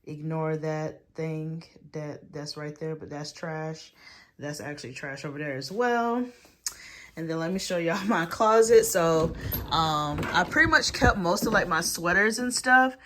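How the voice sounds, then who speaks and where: A woman's voice: deep voice, pushed and bright. Slangy young woman rambling late at night. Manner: rambling, laughs at herself, slangy. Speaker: vlogger. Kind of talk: casual late-night vlog talk. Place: her bedroom at home.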